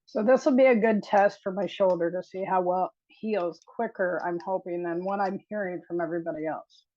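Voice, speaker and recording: A woman's voice: on the low side, brisk, mellow, no echo, dull audio. A woman giving an earnest, emotional testimonial on a video call. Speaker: new member giving a testimonial.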